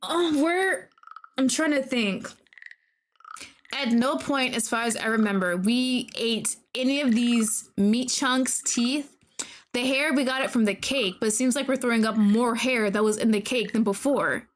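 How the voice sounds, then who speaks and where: Young woman, streamer, horror game read-aloud, dramatic reactions, somewhat high pitch. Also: a little slow, a little hiss or hum. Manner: dramatic, reacts with alarm and jokes.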